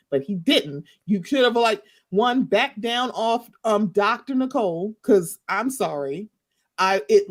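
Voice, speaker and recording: A woman, a podcast guest in casual gossip chat, animated and often acting out quoted reactions with laughter. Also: mid-range voice.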